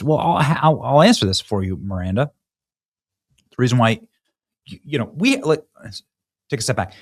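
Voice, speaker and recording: A man's voice: mid-range voice, very animated, moderate pace. A man from Iowa hosting a show and giving sarcastic political commentary in a loose, conversational way. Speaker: host.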